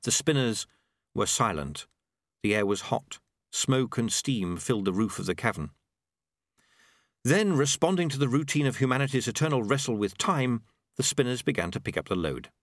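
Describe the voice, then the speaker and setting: A male audiobook narrator reads scripted narration with measured, expressive storytelling. His voice is mid-range, and the recording is dry and clean, with studio sound.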